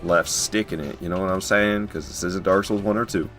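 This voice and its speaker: A man streaming a video game, chatting casually with his viewers and joking, who jumps into high yelps when something surprises him. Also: steady tone, brisk, a bit bright, soft background music. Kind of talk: casual live gameplay commentary.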